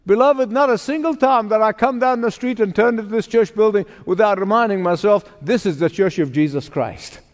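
A man's voice: sits high, normal speed, hardly any pauses, in a large hall. A man preaching a sermon to his congregation, emphatic and repetitive, calling out for responses. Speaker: pastor. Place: church sanctuary.

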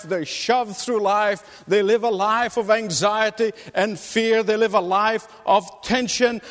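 A man's voice: high voice, long reverb tail. A male pastor preaching a sermon, telling a story and then building to emphatic, rising appeals.

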